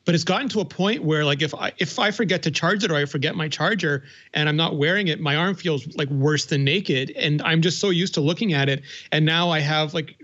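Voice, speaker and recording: A man's voice: on the high side, fairly quick, few pauses, fairly bright tone, highs cut off. A man on a podcast panel in casual tech chat, talking fluently and with enthusiasm.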